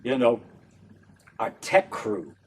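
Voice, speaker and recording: An older man from New Orleans, an opera tenor and director, chatting in an interview in an animated way and laughing often. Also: mid-range voice, slow pace, breathy edge, far from the mic. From New Orleans, USA. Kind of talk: casual interview chat.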